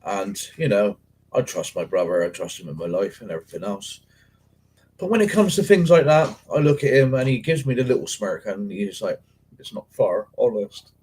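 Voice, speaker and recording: Lowish and very animated, this man talks a little fast with a slightly mellow, breathy edge, and the recording quality is low. He's from England and hosts a paranormal investigators' livestream, chatting casually with viewers through rambling, profane stories full of slang.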